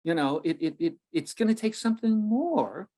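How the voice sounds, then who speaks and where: A man, an author guest on a podcast, speaking with passion, restarting phrases often and slowing down to stress his points. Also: high voice, expressive, warm tone. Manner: impassioned, restarts often, slows for emphasis. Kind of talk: podcast interview.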